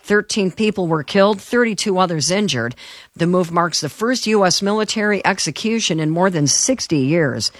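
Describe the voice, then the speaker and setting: A man reading the local radio news in a measured, formal way. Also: sits high, expressive, fairly bright tone, dry recording, studio quality. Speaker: newscaster.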